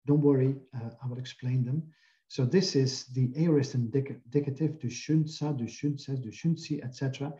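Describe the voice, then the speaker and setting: Dark-voiced male lecturer, muffled audio. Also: medium pitch, steady tone. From Belgium. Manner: careful, explanatory, with frequent "uh" pauses. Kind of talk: academic lecture.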